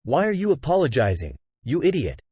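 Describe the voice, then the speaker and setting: A man's voice: mid-range voice, huge pitch swings, brisk, warm tone, breathy edge, no room sound, exaggerated voice. A man voicing a brash, hot-tempered young woman. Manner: curt, swearing, pressing questions.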